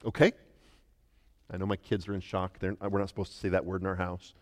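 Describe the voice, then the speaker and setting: A middle-aged man from the United States, a pastor preaching an emphatic sermon that moves between quiet and loud. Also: deep voice, completely flat delivery, quick pace. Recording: long reverb of a large hall.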